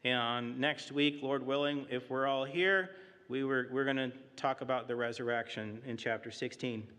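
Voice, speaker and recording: A man teaching a Bible class in a church, measured and explanatory, often asking rhetorical questions. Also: medium pitch, fairly even intonation, fairly bright tone, clean tone. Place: church auditorium. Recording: long hall reverb.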